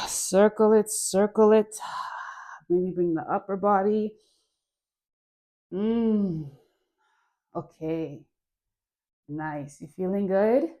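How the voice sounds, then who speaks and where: A young woman guides a home dance class, chatting and cheering the viewer on as she moves. Her voice is mellow and relaxed, and she sighs softly between cues. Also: medium pitch, slow, long pauses. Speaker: dance instructor.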